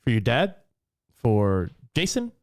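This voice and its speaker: A man's voice: mid-range voice, huge pitch swings, slow, crowd noise. A man co-hosting a podcast in a playful, teasing casual chat. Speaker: podcast co-host.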